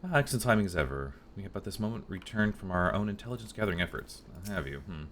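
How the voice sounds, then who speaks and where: A man's voice: deep voice, animated, fast, a bit bright, slight background noise. A man voicing a prim male scholar in a fantasy game, speaking in a formal, precise way.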